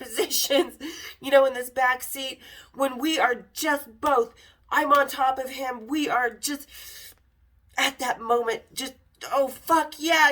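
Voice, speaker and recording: A woman hosting a podcast, telling a candid story in a casual, profane and animated way. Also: sits high.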